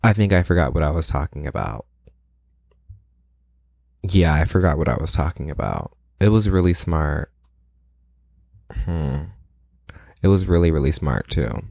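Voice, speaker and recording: A young man with a very low voice hosts his own podcast, chatting loosely and wandering off topic. He is playfully boastful and theatrical, and the recording is close and dry with no room sound. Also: lively intonation, measured pace, vocal fry, long pauses, darkish tone, dry recording. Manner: rambling and playfully self-aggrandizing, with laughs and dramatic asides. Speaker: podcast host. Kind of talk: casual solo podcast rant.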